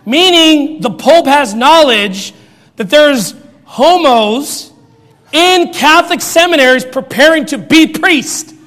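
A man preaching in a mocking, sarcastic rant, now and then bursting into shouts. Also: very high voice, expressive, takes it slowly. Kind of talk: ranting commentary. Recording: long reverb.

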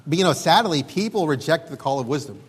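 A man's voice: on the high side, animated, quick pace, slightly rough, in a large hall. A man preaching a sermon, reading scripture aloud in an emphatic, pleading way.

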